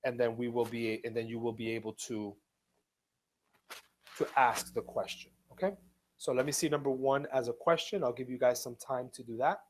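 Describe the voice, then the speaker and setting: A man of middle pitch teaches an online English class. He speaks slowly and patiently, going over each rule more than once. He reads example sentences aloud with careful stress. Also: steady tone, slight background noise. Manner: slow, patient, repeats each point. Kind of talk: live online ESL lesson.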